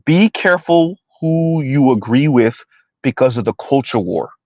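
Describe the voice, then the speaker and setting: A man's voice: medium pitch, expressive, a little slow, no echo, highs cut off. A man hosting a ranting commentary video, heated and repetitive, firing rhetorical questions at his viewers. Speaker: commentary channel host.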